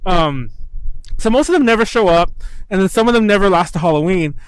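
A young man with a high, very lively voice that swoops up and down as he talks. He co-hosts a casual podcast chat, telling rambling stories full of swearing and laughter. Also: a little fast, clean tone, no echo, low-quality recording. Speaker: podcast co-host.

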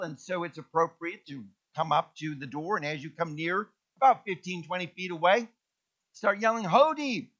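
Animated, bright-voiced male preacher. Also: sits high, highs cut off. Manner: animated, teaching the congregation call-and-response words. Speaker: pastor. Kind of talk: sermon.

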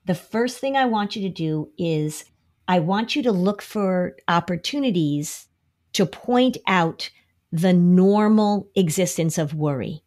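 Lower-voiced woman giving animated parenting advice. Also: measured pace. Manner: acts out quoted speech with lively shifts. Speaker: anxiety expert. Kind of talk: podcast advice talk.

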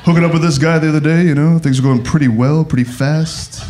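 A man putting on a brash, wisecracking old-school nightclub comedian, firing off one-liners in a rough delivery. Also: fairly high pitch, steady tone, fast, background noise, natural voice. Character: brash wisecracking middle-aged man impression. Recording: live club, crowd laughter.

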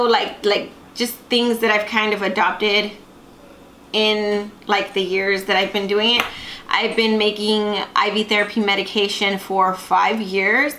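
A woman's voice: mid-range voice, bright, forceful tone, a little hiss or hum. Chatty young woman in an echoey room. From Texas. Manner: talkative, rambling with many fillers. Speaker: vlogger. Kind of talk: casual chatty vlog. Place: room at home. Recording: echoey room, faint music behind.

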